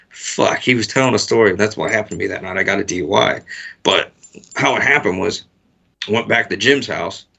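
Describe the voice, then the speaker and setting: Gravelly, profane man telling a story. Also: lowish voice, pushed and bright. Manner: profane, rambling, laid-back storytelling. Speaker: interview guest. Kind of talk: casual storytelling.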